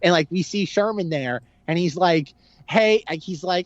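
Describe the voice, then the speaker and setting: A man chatting casually on a movie podcast, rambling with a constant "like" and acting out lines from the films. His pitch swings widely as he talks. The sound is dry and a little dull, like a home mic with the top end cut. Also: normal speed, no room sound. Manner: rambling, heavy use of "like", lively impressions. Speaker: podcast co-host. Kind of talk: casual film discussion.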